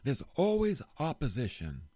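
A man giving a casual sermon, telling a Bible story with rhetorical questions and quick voiced asides. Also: medium pitch, huge pitch swings, mellow, dry recording. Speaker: preacher.

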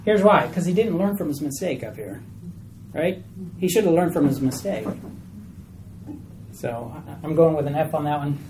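A woman's voice: low voice, moderate pace, long pauses, slight background noise, rough recording. Chatty woman teaching a Bible class. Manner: animated, chatty, asks the group questions.

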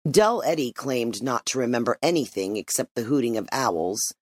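A man reading a dark short story aloud as narrator, in steady, measured storytelling. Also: mid-range voice, dry recording. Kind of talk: audiobook narration.

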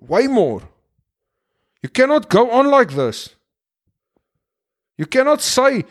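A man's voice: very high voice, big pitch swings, slow pace, long pauses. A man delivering an impassioned, blunt and heavily profane monologue as a podcast host.

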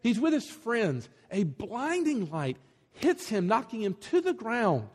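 Husky-voiced man preaching in a reverberant hall. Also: high voice, a little slow. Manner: animated storytelling, acting out voices in quotes. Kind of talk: sermon.

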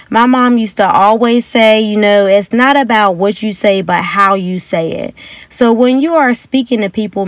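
Upbeat and chatty, a young female host runs a motivational podcast casually, occasionally performing quotes in a raised voice. There's no echo on the audio.

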